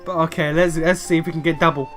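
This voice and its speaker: A man's voice: a little high, fairly even intonation, quick pace, a bit bright, soft background music. Swearing man streaming a role-playing game. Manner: profane, laughing asides. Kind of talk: casual gameplay commentary.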